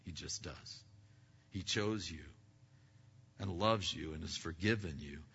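A man's voice: sits low, a little slow, gravelly, sharp tone, slightly rough, big-room sound, dull audio. A man preaching a sermon as pastor, often asking the congregation questions and using many "uh" fillers.

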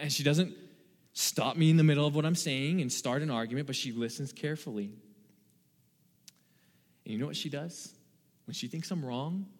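A young man preaching as a youth pastor, earnest and personal, swinging between loud emphasis and hushed asides. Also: medium pitch. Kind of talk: sermon. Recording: long reverb of a large hall.

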